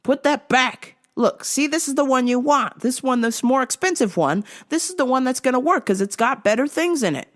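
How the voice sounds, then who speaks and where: A woman voicing a grumpy older husband who scolds his wife in a gruff, blunt way. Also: sits high, animated, normal speed, hardly any pauses, voice pushed up. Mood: scolding.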